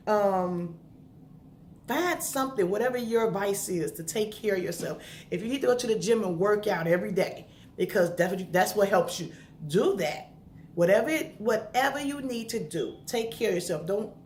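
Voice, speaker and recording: A woman's voice: mid-range voice, darkish tone. Earnest middle-aged woman in an echoey room. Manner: earnest, emotional, conversational. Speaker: vlogger giving grief advice. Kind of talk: casual heartfelt talk to camera. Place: home indoors. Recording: echoey room, faint background noise.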